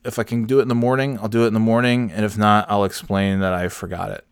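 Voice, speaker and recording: A man's voice: on the low side, little pitch movement, fast talker, smooth, no echo, clean studio sound, close to an everyday voice. A man doing his breezy unbothered daughter. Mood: calm, shrugging. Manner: breezy, unconcerned. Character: calm unbothered schoolgirl daughter.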